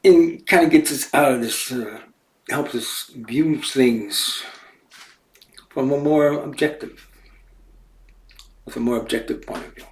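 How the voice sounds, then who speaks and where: A man's voice: medium pitch, slow, long pauses, roomy sound, recorded from a distance, a little hiss or hum, low-quality recording. A man hosting a casual monologue, meandering and often correcting himself. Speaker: host. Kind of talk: casual talk to camera.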